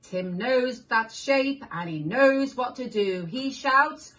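A woman reading picture books aloud to young children, animated, making animal sounds and asking the listener questions. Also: fairly high pitch, slow. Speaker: children's story reader.

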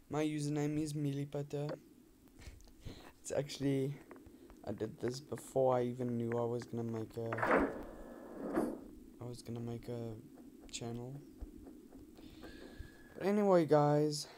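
A man giving casual commentary while playing a game, rambling and muttering to himself, sometimes quiet and sometimes loud. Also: mid-range voice. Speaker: gamer with own channel. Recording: loud background noise.

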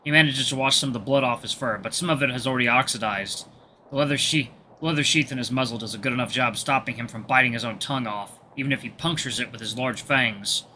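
A man hosting a gaming video, reading a visual novel aloud with relaxed, chatty asides. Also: mid-range voice, fast, a little hiss or hum.

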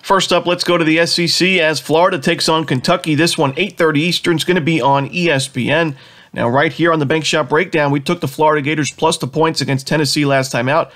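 A man with a head cold talks through his sports picks at a rapid clip, his voice nasal and pitched a little high. He sounds confident, piles up stats and leans on "you know" fillers. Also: fairly even intonation, a bit bright. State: has a cold. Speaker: sports betting analyst host. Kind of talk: fast sports betting picks rundown.

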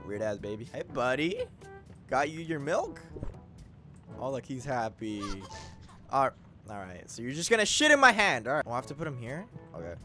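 Guy doing casual horror game commentary, jumpy and swears a lot, pitch all over, game music going behind. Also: sing-song, normal speed. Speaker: gaming video creator.

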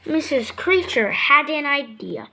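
A woman reads a children's storybook aloud with an expressive, sing-song delivery. Her voice sits high and moves a great deal, and she takes her time. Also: a little slow, background noise.

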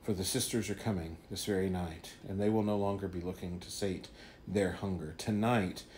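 A man voicing a calm, mysterious hooded stranger with a measured, knowing, faintly wry delivery. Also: sits low, slight background noise, lightly acted. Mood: ominous.

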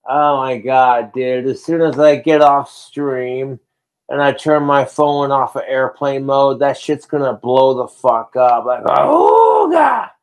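A man's voice: medium pitch, flat delivery, measured pace, clear, resonant tone. A man ranting on a livestream, swearing heavily and drinking alcohol as he talks. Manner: profane, ranting, drinking on stream. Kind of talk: livestream rant.

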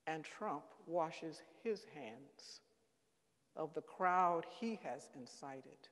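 Slow, high-voiced man reading solemnly in a church. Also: expressive, a bit bright. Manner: grave, deliberate, stressing key words. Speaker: reader at a Good Friday service. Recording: long church reverb.

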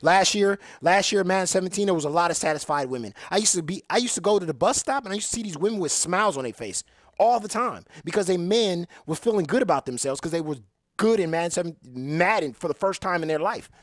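A man's voice: high-pitched, expressive, fast, no room sound, studio quality. Boastful trash-talking man gamer. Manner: boastful, crude, repetitive. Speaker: gaming streamer. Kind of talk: profane trash talk over gameplay.

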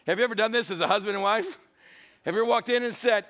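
A man's voice: high-pitched, rapid-fire, a bit bright. A male pastor preaching a humorous, storytelling sermon.

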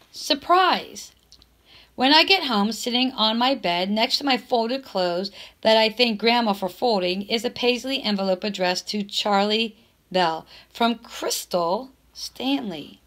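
Teacher-type woman, middle pitch, clear expressive read-aloud of a kids' novel. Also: slow pace.

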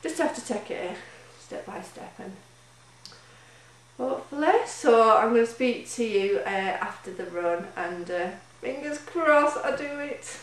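A woman's voice: medium pitch, unhurried, a little hiss or hum. A woman recording a casual video diary, chatty and emotional, rambling with fillers as she talks. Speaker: charity runner keeping a video diary. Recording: very echoey room, mic at a distance.

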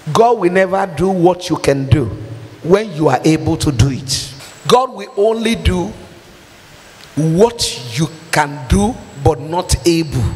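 A Nigerian man preaching an impassioned sermon, firing off rhetorical questions and shouting his points. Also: high-pitched. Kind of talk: fiery sermon. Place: church hall. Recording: long hall reverb.

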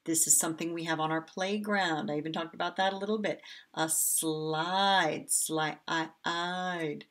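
A woman teaching a phonics lesson to young children, cheerful and slowly sounding out each word. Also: low-pitched, fairly even intonation, a bit bright. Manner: cheerful, slow and drawn-out when sounding out words. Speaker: kindergarten teacher.

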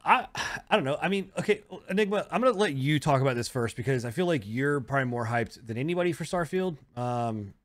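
A man's voice: mid-range voice, expressive, quick pace, hardly any pauses. A man hosting a gaming podcast in casual chat, leading the topics with many hesitant ums. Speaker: podcast host.

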